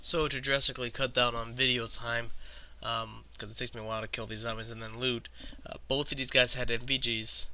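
A man hosting a gameplay video, narrating casually and making quick, swearing callouts to his team. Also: mid-range voice, flat delivery, background noise. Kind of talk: gameplay commentary and team voice chat.

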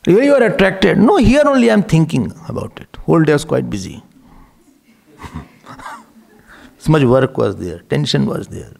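A man's voice: a little high, sing-song, unhurried, vocal fry, long pauses, a little mellow. A man giving a spiritual discourse, asking rhetorical questions and chuckling often. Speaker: spiritual teacher.

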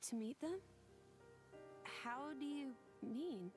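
An actress voicing a kind, gentle young woman who speaks softly and modestly. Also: high-pitched, lively intonation, takes it slowly, over music. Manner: soft, polite, modest.

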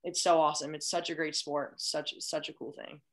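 Her voice is low-pitched, flat, and fairly quick, yet this young adult woman, a college beach volleyball player, gushes enthusiastically as a podcast guest. The casual chat is full of restarts.

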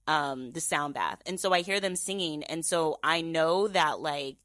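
A woman's voice: low voice, measured pace, no echo. Chatty young woman, dry close sound. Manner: animated, filler-heavy storytelling, mimics her own inner voice. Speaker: podcast host. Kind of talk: casual storytelling chat.

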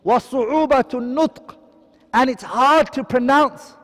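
A man teaches a tajweed lesson with a very high voice and a brisk pace. He rattles off Arabic terms, explains them in English, and keeps asking questions that he then answers himself. His voice rings with a long reverb. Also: fairly bright tone. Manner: quizzing, asks and answers his own questions. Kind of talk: online lesson.

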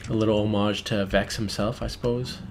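A man's voice: lowish voice, level tone, a little fast. A young man with a Canadian accent, chatting and swearing casually while playing a video game. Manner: swears a lot, teasing, laughs often. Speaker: gaming video host. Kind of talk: casual gaming banter. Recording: faint keyboard noise behind.

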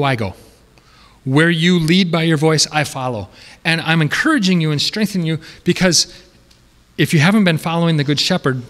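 A man's voice: a little high, a bit bright. A man preaching a sermon as pastor, earnest and repetitive, often restating his point. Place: church sanctuary. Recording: long church hall reverb.

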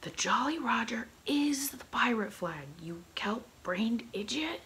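A woman's voice: lowish voice, a little slow, creaky, slight background noise, low-quality recording. A woman whispering a vain, short-tempered male pirate captain in a whispered role-play. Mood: gruff.

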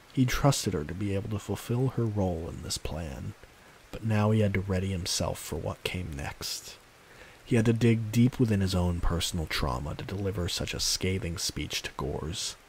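Man, story narrator, calm steady reading, gravelly fry, faint hiss. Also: low-pitched. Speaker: audiobook narrator. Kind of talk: scripted narration of a fan story.

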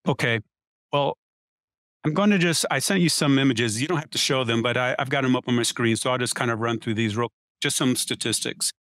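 A man's voice: mid-range voice, brisk, fairly bright tone, no room sound, clean studio sound. A man in a casual panel debate, arguing his point insistently and reeling off statistics. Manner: argumentative, cites statistics. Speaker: panel guest.

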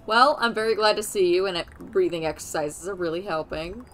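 A woman's voice: on the low side, brisk, soft background music, close to an everyday voice. A woman reading game dialogue aloud, voicing a chatty, boastful male chameleon who is a little nervous.

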